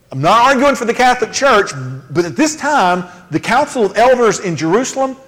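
A male pastor preaching a sermon in a conversational, emphatic way, with casual asides. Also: high-pitched. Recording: long hall reverb.

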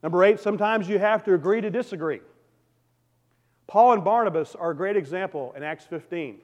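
A man's voice: sits high, fairly quick, darkish tone. A man preaching a sermon, talking conversationally and calling out to his congregation. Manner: conversational preaching with audience call-outs. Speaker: pastor. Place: church sanctuary. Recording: long reverb of a hall.

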